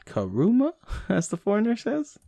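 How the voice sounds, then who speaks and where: A man's voice: mid-range voice, creaky, darkish tone, dry recording. Man reading language notes aloud. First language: English. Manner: reads text aloud with fillers and restarts, slow over examples.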